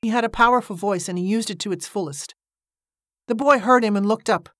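A woman narrating an audiobook in a steady, measured storytelling manner, recorded on a close microphone. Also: mid-range voice, no room sound.

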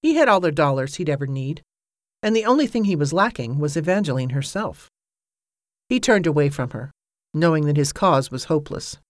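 A measured narrator reads a novel in an even, steady storytelling voice. The pitch sits in the middle. The sound is close and dry, with no room around it. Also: dry recording. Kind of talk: audiobook narration.

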